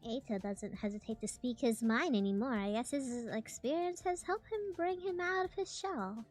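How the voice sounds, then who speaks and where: A woman's voice: on the high side, expressive, normal speed. A young woman streaming a game, chatting casually, giggling and tripping over words as she laughs at herself. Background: faint game music.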